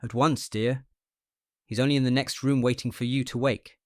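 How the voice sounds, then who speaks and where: A man reading aloud, voicing a brisk, kindly female nurse who reassures quickly. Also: medium pitch, fairly even intonation, no room sound, clean studio sound, natural voice. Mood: reassuring.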